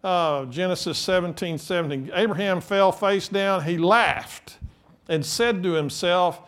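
A man preaching a sermon, lively and animated, acting out scripture quotes in different voices and laughing between points. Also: high-pitched, normal speed. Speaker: pastor.

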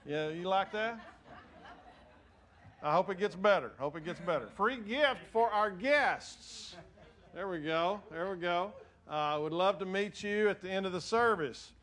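A man's voice: high-pitched, moderate pace, a bit bright. A man preaching to his church, folksy and joking, loose and conversational with lots of fillers. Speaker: pastor. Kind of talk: sermon. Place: church sanctuary.

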